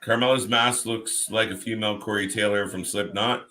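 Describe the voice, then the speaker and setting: A man's voice: fairly low pitch, steady tone, moderate pace, pushed and bright. A Canadian man co-hosting a live watch party, rambling in casual chat and reading comments aloud.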